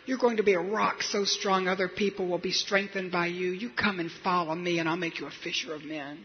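A gentle male teacher speaks low and soft, slow and tender, as a male preacher puts him on. The voice drops below his usual pitch. A muffled, lo-fi recording carries faint hiss behind it. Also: fairly even intonation.

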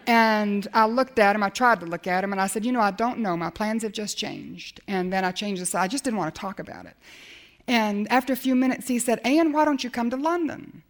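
A middle-aged woman preaching, telling a personal faith story with lively acted-out dialogue. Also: mid-range voice, fairly quick. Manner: animated storytelling, acts out dialogue. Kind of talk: sermon storytelling.

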